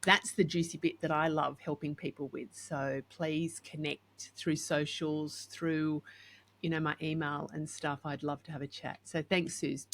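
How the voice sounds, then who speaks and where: A woman's voice: sits low, unhurried, a little hiss or hum. A woman hosting a podcast, chatting casually and acting out the voices in her stories. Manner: animated, acts out quoted voices. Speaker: podcast host and coach. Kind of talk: casual chat with storytelling.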